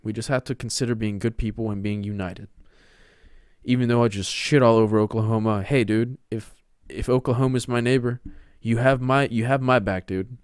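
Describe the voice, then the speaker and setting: A man's voice: mid-range voice, steady tone, normal speed, clear, resonant tone, dry recording, studio quality. A young man from Texas hosting his own podcast, talking alone in a loose, rambling way, full of "dude" and "man", now and then slipping into a showy put-on voice. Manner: rambling, slangy, keeps saying dude and man. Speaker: podcast host. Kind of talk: solo casual monologue.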